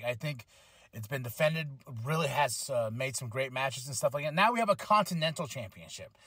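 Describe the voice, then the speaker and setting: A podcast host reviewing wrestling talks through a casual recap, rambling and excitable, with many fillers and restarts. His voice sits a little high for a man, and the sound is dry and close with no room sound at all.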